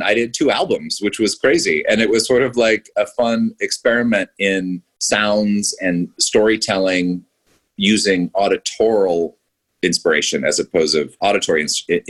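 In a fairly low, husky voice with a touch of brightness, a filmmaker chats eagerly as a guest on a casual podcast interview. He wanders through his thoughts and keeps starting over mid-sentence.

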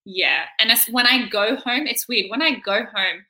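A woman's voice: on the high side, moderate pace, sharp tone. A young woman from Australia with a slightly Americanized Australian accent, chatting as a guest and laughing easily. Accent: Australian, partly Americanized. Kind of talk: casual interview chat.

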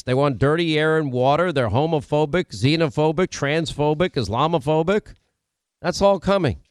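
A middle-aged man hosts a political talk radio show, pressing his views with steady emphasis. He strings points together in quick lists. His voice sits slightly high and comes across smooth and resonant, recorded close and dry. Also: no room sound. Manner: emphatic, opinionated, lists points in rapid series.

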